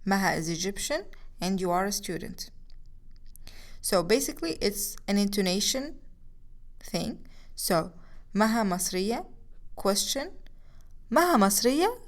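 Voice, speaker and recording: A woman giving a recorded language lesson, explaining slowly and mixing English explanations with examples. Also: mid-range voice, expressive. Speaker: language teacher.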